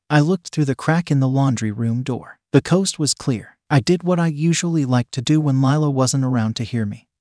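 Casting: male story reader, mid-pitched, steady and even, dry close mic. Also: dry recording. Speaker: story narrator. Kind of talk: reading a story aloud.

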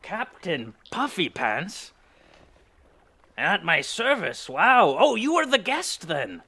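A man's voice: high-pitched, wildly swooping pitch, slow pace, sharp tone, slightly rough, heavily acted. A man playing a proud, easily startled pirate captain in an improvised comedy, blustery and stammering. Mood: grumbling. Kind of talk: improvised comedy role-play.

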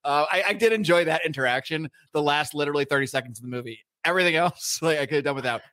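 A man's voice: a little high, very fast, no room sound, studio quality. A man co-hosting a podcast, ranting in casual chat with lots of swearing. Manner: animated, profane, ranting. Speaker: podcast co-host.

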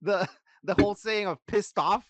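A man's voice: high-pitched, normal speed, a bit bright, dry recording. A man co-hosting a podcast in casual banter, laughing a lot and giving short replies. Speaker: podcast co-host.

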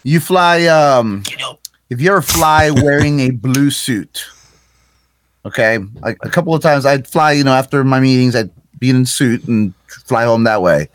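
A man in a casual podcast chat, telling a story at an unhurried pace. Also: mid-range voice. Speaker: podcast co-host.

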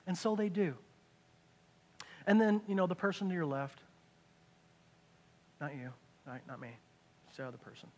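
A man preaching a conversational sermon, dropping into hushed asides and rising into loud excited bursts. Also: high voice, moderate pace, long pauses. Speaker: pastor.

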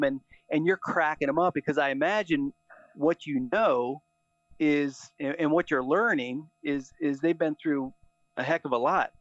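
A man's voice: fairly high pitch, unhurried, dry recording. Man hosting a casual interview. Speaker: podcast host. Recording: slightly dull, dry audio.

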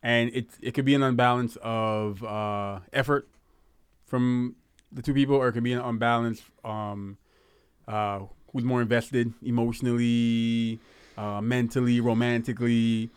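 A man's voice: medium pitch, flat delivery, measured pace, clean tone, dry recording. A man with a lisp hosting a casual group chat, laughing easily and repeating words as he searches for phrasing.

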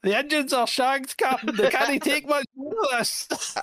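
A man's voice: very high-pitched, a little slow, bright, forceful tone, pitched above the performer's own voice, exaggerated voice. A man voicing a worried male starship engineer who reports to his captain in urgent, strained bursts.

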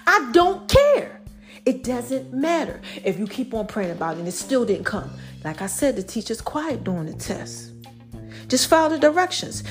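Animated woman hosting a faith podcast. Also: a little high. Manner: preachy, playful, animated with slang. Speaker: podcast host. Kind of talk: casual motivational podcast talk.

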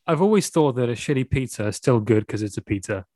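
A man's voice: medium pitch, animated, fast, mellow, no echo. A man from Sweden, hosting a podcast and teasingly quizzing his guest. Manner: teasing, playful quizmaster. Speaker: podcast host. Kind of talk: quiz-style podcast chat.

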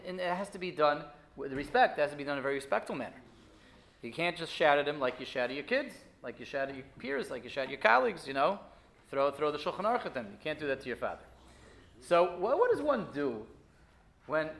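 Man, rabbi's Torah class, rapid, higher voice, rhetorical questions. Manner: animated, rhetorical questions, frequent restarts. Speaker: rabbi teaching a weekly class.

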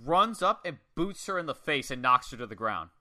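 A man excitedly recapping a wrestling match in casual, profane chat. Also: medium pitch, fairly quick. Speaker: podcast co-host.

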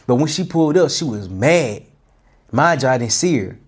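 A man telling a childhood story in a casual, animated way, often restarting and repeating himself. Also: medium pitch, normal speed, breathy edge. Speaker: host. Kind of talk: personal storytelling talk.

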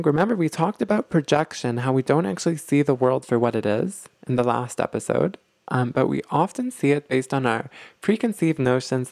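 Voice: medium pitch, vocal fry, a little mellow, no room sound. A teacher of a relationship series explaining things step by step, often stopping to check in with "okay?". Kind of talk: explanatory lesson talk.

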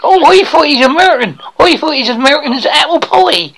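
A man's voice: very high voice, animated, fast talker, fairly bright tone, voice pushed up, full character voice. A man playing a naive, gullible young actor in an improvised radio sketch, with folksy, broken grammar. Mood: earnest.

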